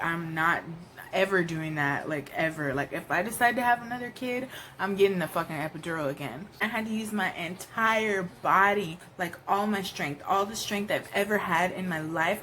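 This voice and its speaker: A woman's voice: lowish voice, a bit bright, slight background noise, low-quality recording. A woman telling her birth story in a casual vlog, candid and profane, acting out her own reactions. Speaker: new mother, vlogger.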